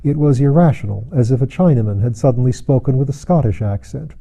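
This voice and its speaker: A man reading a novel aloud as a narrator, measured and steady, acting out the dialogue. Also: medium pitch, vocal fry, low-quality recording. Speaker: audiobook narrator. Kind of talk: scripted narration.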